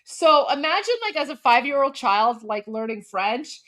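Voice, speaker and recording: A young woman, telling a story in a casual livestream chat, animated and filler-heavy. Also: sits high, moderate pace. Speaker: livestream host.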